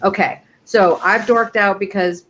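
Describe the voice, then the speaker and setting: A woman's voice: mid-range voice, steady tone, measured pace, a bit bright, slight background noise. Eager woman co-host, muffled lo-fi recording. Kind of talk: casual chat. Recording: dull lo-fi audio.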